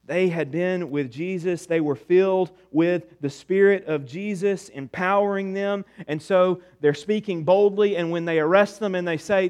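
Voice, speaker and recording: A man with a high voice preaches to his congregation. He asks rhetorical questions and drops soft and low on the words he wants to land. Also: moderate pace, hardly any pauses, clean tone. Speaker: pastor. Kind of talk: sermon.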